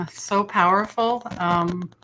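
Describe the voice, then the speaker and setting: A woman's voice: on the low side, steady tone, extremely slow, bright, forceful tone, slight background noise, poor audio. A woman hosting an interview, reacting in an emotional, effusive way. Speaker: podcast host. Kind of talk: conversational interview.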